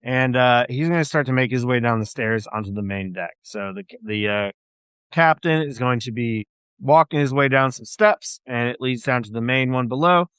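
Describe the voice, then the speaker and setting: A man's voice: mid-range voice, normal speed, a bit bright, smooth, no echo, clean studio sound. A man narrating as game master of a tabletop game, rambling with many fillers.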